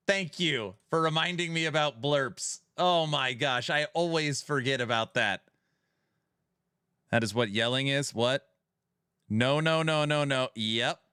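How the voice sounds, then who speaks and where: A man streams from home on a headset mic, hosting a gaming podcast where he banters with chat and reads out community questions, casual but sometimes raising his voice. His mid-range voice is pushed and bright, clear and resonant. The recording is dry, with clean studio sound.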